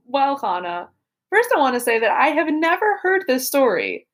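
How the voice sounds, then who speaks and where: A young woman co-hosting a podcast chats casually with her friend and teases her in a playful, accusing way. Her voice sits a little high. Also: sing-song, moderate pace. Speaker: podcast co-host. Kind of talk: casual chat.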